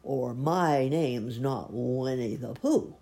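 A woman's voice: a bass voice, takes it slowly, dark tone, heavily acted. A woman reading a storybook aloud, voicing a friendly, simple young male bear who speaks earnestly.

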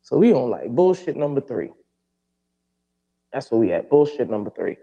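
Gravelly, animated man venting a story. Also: mid-range voice, moderate pace, highs cut off. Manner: animated, profane, acts out quoted dialogue. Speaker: podcast host. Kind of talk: casual storytelling monologue.

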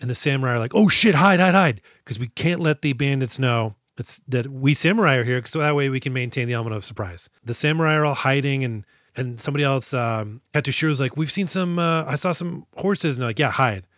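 Animated man recapping a film, dry sound. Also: mid-range voice, fast talker, no echo. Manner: animated, swearing, acts out characters in quotes. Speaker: podcast co-host. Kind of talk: casual movie-review chat.

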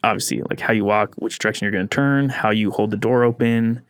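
Casual podcast co-host, man, animated storyteller who laughs a lot, mid-pitched, dry close-mic sound. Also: fast talker, clear, resonant tone, no echo. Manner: animated storyteller, laughs often, acts out yelling.

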